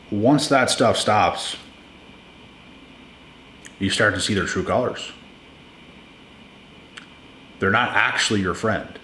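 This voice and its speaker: A channel host gives relationship advice in a casual monologue, speaking to listeners like friends. His fairly low, fairly bright voice is blunt and emphatic, repeating words to drive points home, in an echoey room with a faint ambient hum.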